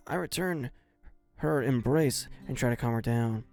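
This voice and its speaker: A man's voice: medium pitch, unhurried, darkish tone, faint music behind. A man streaming and reading a visual novel aloud, voicing the narrator in first person with a few stumbles.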